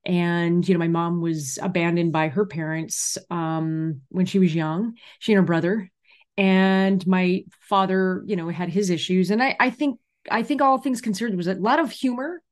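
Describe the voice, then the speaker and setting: A woman from California, a comedian guest, telling stories in an animated, chatty way during an interview. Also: fairly low pitch, moderate pace. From California, USA. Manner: animated, chatty storyteller who acts out quotes. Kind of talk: casual interview storytelling.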